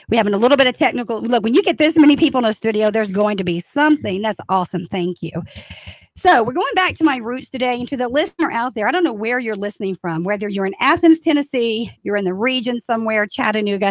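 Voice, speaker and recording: A woman hosting a lively radio talk show, enthusiastic and chatty as she cheers her guests on. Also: a little high, quick pace, dry recording. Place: radio studio. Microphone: studio microphone.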